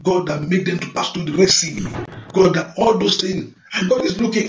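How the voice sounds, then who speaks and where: A middle-aged man preaches a fervent sermon, his voice sitting a bit high with a gravelly rasp. He stretches out prayer and praise lines and breaks into speaking in tongues. The sound carries the echo of a roomy church with a faint noise underneath. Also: a little fast, fairly bright tone. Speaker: pastor. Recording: echoey room, faint noise.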